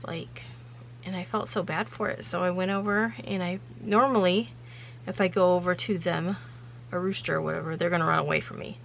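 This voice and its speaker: A woman's voice: lowish voice, steady tone, brisk, vocal fry, a little hiss or hum, poor audio. A woman hosting her own vlog, telling a story in a rambling, chatty way with lots of loose fillers. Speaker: vlog host.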